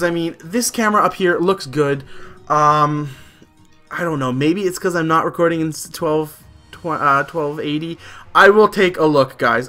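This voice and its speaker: YouTuber, casual pack opening, excitable, rambling, speaks to viewers, middle pitch, soft music behind. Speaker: YouTube host opening trading card packs. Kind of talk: casual card-opening commentary. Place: home room, seen on face cam. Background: faint background music.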